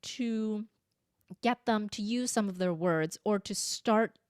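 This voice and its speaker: A woman's voice: medium pitch, takes it slowly, clean tone, dry recording, clean studio sound. A woman in her forties, a voice coach and podcast guest, telling a story in conversation and acting out the lines she quotes. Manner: animated, acts out quoted lines.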